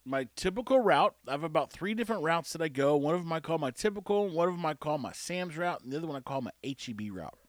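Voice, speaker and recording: A man's voice: a little high, expressive, fast talker, hardly any pauses, no room sound. A man hosting a show, telling a rambling story in a wry, self-mocking way into a close mic. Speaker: show host. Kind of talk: casual storytelling monologue.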